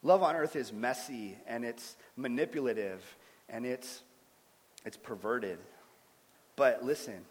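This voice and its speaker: A man in his thirties giving an earnest sermon-style testimony as a guest speaker, swinging between loud and hushed. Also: mid-range voice, a little slow, long pauses. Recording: long hall reverb.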